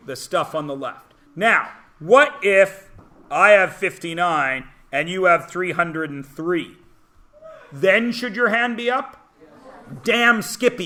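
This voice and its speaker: A man teaching a math class, lecturing in a brisk, teasing way and peppering students with rhetorical questions. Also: fairly high pitch, sharp tone. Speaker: high school math teacher.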